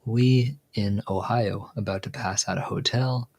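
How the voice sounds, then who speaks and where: A man's voice: lowish voice, fairly even intonation, measured pace, darkish tone, slightly rough. A man hosting a casual livestream chat in a laid-back, rambling way. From Virginia, USA. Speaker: livestream host.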